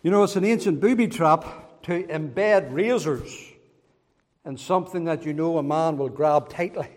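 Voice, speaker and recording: A man's voice: on the high side, unhurried, big-room sound. A man preaching a sermon as pastor, with an emphatic, repetitive preaching cadence. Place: church.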